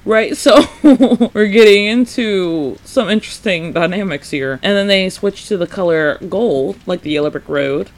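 A man hosting a casual solo podcast retrospective, chatty and animated, saying "like" often, laughing and acting out characters' lines. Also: sits high, unhurried. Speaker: podcast host.

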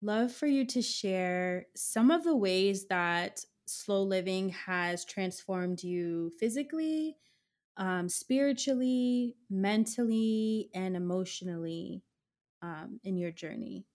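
A woman hosting a podcast interview, affirming her guest and asking questions in a slow, drawn-out way. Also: medium pitch, darkish tone. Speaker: podcast host. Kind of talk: conversational interview.

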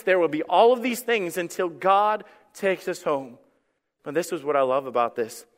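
A man's voice: high voice, fairly bright tone. A man preaching a sermon as pastor, impassioned and building to emphatic peaks with repeated phrases. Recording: church hall with long reverb.

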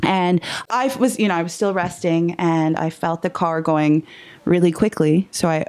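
A woman comedian telling a frightening personal story in a casual interview, animated, laughing often and swearing. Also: lowish voice, normal speed, dry recording. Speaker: guest comedian.

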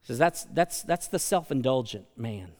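A man preaching a sermon as pastor, building to loud emphatic peaks and acting out quoted voices. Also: medium pitch, animated, normal speed. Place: large church sanctuary. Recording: long church hall reverb.

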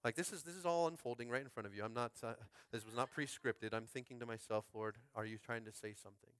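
Fervent pastor preaching, dry close sound. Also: male voice, mid-range voice, fast, clear, resonant tone, dry recording. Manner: fervent, swings from quiet musing to shouted climaxes; calls out to the congregation. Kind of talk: sermon. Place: school space used as a church.

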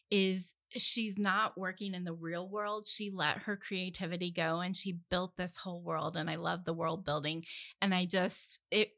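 A woman's voice: fairly low pitch, bright, forceful tone. A woman co-hosting a casual podcast, talking about books with enthusiasm. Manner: enthusiastic, chatty. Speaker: podcast co-host and book club member. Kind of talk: casual chat.

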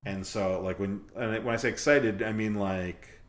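A man's voice: on the low side, steady tone, moderate pace. A man hosting a podcast, chatting casually with his friend and rambling through lots of fillers and restarts. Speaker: podcast host. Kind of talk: casual chat.

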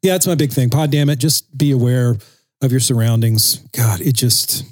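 A man's voice: medium pitch, moderate pace, no room sound. A man, a podcast co-host, ranting in casual chat, self-described as impatient.

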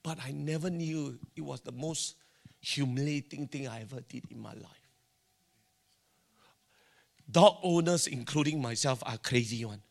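A man's voice: medium pitch, measured pace, gravelly, pauses often. A middle-aged man with a Singaporean English accent preaching a sermon, telling stories animatedly and acting out the dialogue. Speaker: pastor.

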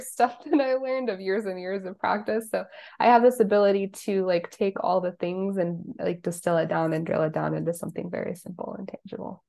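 Middle-aged woman, podcast guest, easygoing and chatty, with a gravelly, fried edge to her voice. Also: medium pitch. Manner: relaxed, chatty, laughs often, uses "like" a lot. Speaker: podcast guest, spiritual coach. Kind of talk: casual interview chat.

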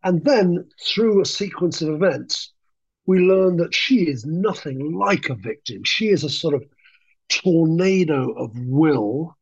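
Husky-voiced enthusiastic man, lo-fi sound. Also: a little high, lively intonation, slow pace. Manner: enthusiastic, rambling, restarts sentences. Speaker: film director, podcast guest. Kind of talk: conversational interview.

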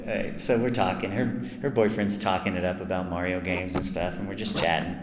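In an echoey convention hall with crowd noise and some general noise, a low-pitched male voice actor talks fairly quickly. Answering fan questions on a panel, he tells long, lively stories at his own expense and acts out the quotes in a chatty way.

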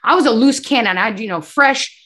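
Woman, guest, faith testimony, animated storytelling, acts out dialogue, emotional. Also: a little high, fairly quick. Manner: animated storyteller who acts out dialogue and often addresses the host. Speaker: guest sharing her testimony.

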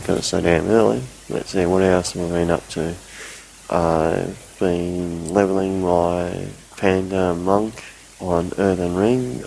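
A man's voice: deep voice, vocal fry, a little mellow, slight background noise, low-quality recording. A man rambling through a casual recorded voice report, poking fun at himself. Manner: rambling, self-mocking. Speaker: listener sending a recorded report.

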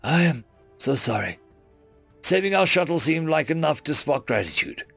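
Man doing a sorry little alien traitor, apologetic and pleading, gravelly, dry sound. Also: a little high, sing-song, normal speed, fairly bright tone, no room sound, soft background music, heavily acted. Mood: remorseful. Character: remorseful male alien traitor, meek.

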